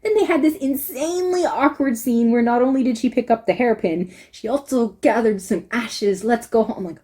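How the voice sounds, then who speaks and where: A woman with a mellow, slightly high voice talks through a review in a loose, rambling way, leaning hard on repeated words. She sounds close to tears as she speaks. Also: normal speed, breathy edge. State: tearful, close to crying. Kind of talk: casual spoken review.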